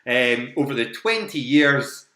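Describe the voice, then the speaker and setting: A man's voice: medium pitch, lively intonation, measured pace, sharp tone. A man hosting a live online quiz from his home, chatty and laughing often as he repeats each question and its options. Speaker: quiz host. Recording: echoey home room.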